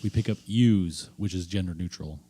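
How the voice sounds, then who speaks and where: A man's voice: sits low, normal speed, mellow. A man hosting a podcast, chatting casually in a goofy, joking way and laughing often. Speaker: podcast host.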